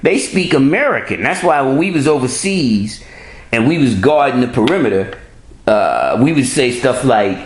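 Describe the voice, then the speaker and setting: Animated New man, echoey room. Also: mid-range voice, moderate pace. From New York. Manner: streetwise, profane, storytelling with many restarts. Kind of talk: casual conversation.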